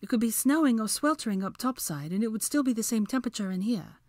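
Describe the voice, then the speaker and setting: A woman voicing an anxious, know-it-all young witch who is quick to lecture, in an audiobook reading. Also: a little high, animated, darkish tone, no room sound, clean studio sound, pitched above the performer's own voice, lightly acted. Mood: lecturing. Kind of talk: audiobook character voice.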